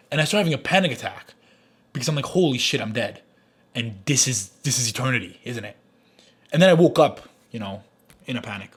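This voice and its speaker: A man in his twenties ranting in a vlog, frustrated and swearing, swinging from low mumbles to yelling. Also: breathy edge. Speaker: vlogger.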